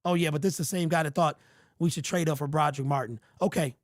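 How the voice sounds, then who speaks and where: A man's voice: on the high side, fairly even intonation, quick pace, no echo, clean studio sound. A man hosting a livestream sports show, ranting in a heated, exasperated way and repeating himself, his voice sounding strained. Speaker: sports podcast host.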